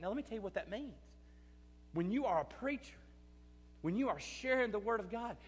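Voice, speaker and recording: Man, pastor, high-pitched, mid-sermon, echoing hall sound. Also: husky. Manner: swings between loud emphatic and quiet confiding; repeats phrases for emphasis. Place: church sanctuary. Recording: church hall reverb.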